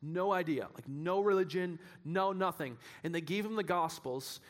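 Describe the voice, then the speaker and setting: A man with a notably high voice preaching in a church. He builds from explanation to full shouting at the peaks, repeating phrases and restarting sentences as he drives his points home. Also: normal speed. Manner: animated, building to shouting at climaxes, with self-interrupting restarts. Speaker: pastor. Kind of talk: sermon.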